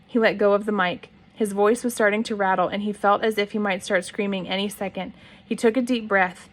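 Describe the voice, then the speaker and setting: A woman reading a novel aloud at a mid pitch. Her reading is plain and steady, with occasional restarts and a cleared throat now and then. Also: a little fast. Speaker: reader.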